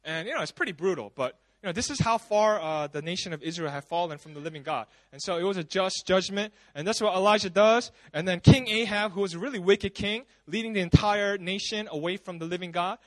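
A pastor preaching at a church service, telling stories in a loose, chatty, animated way full of asides. His voice sits very high for a man, and the sound is dry and close. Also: brisk, few pauses, dry recording. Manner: casual, animated storytelling with frequent asides. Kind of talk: sermon.

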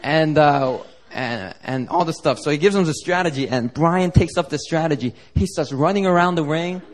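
A man preaching a sermon as pastor, telling a lively, joking story to the congregation. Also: fairly high pitch, moderate pace. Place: church service.

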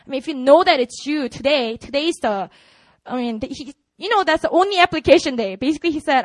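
A young woman with a Korean accent shares her testimony with a church, animated and chatty, leaning on "you know" as she goes. Her voice sits high, and the recording is dry and close with no room sound. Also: fast talker, no room sound, rough recording. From South Korea. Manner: animated storytelling, frequent "you know" fillers. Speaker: ministry worker giving a testimony.

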